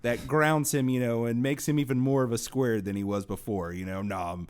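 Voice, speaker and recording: A man's voice: medium pitch, brisk, darkish tone, clear, resonant tone. A man co-hosting a movie podcast, riffing sarcastically in casual chat. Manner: wry, sarcastic storytelling with mock impressions. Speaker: podcast co-host.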